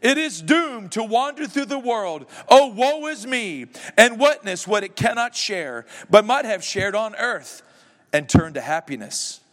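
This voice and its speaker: A pastor reading aloud as a mournful old ghost bound in chains, in a solemn, dramatic way. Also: male voice, high-pitched, very animated, measured pace, a bit bright, in a large hall, voice pushed up, exaggerated voice.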